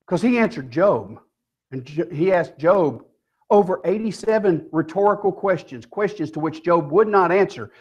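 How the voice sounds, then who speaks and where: High-voiced emphatic male preacher. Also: lively intonation, normal speed, breathy edge, highs cut off. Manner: emphatic, rhetorical questions to the congregation. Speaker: pastor. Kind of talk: sermon. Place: church.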